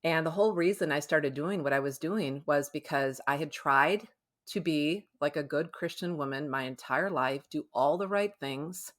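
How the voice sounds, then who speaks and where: A woman's voice: low-pitched, normal speed. A middle-aged woman who counsels as a podcast guest, explaining things in a reassuring, conversational way.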